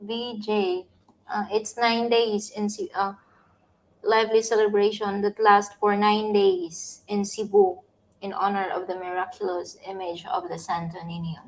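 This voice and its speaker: Female co-host, Filipino accent, mid-pitched voice, slow, relaxed delivery. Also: rough recording. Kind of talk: casual chat.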